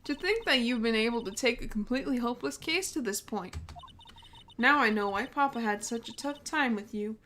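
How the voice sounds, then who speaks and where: A woman's voice: fairly high pitch, a little fast, bright, forceful tone, slight background noise. A woman voicing a proud young woman prosecutor who talks down to everyone in an imperious, scornful way. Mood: haughty.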